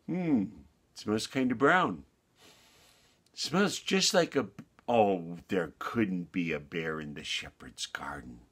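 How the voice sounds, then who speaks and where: A man's voice: medium pitch, very animated, slow pace, long pauses, fairly bright tone, slightly rough, voice pushed up, exaggerated voice. A man voicing a naughty little male lamb in a storybook, with a sing-song, sneaky way of talking. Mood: uneasy. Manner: sing-song, sneaky, whispering when scared.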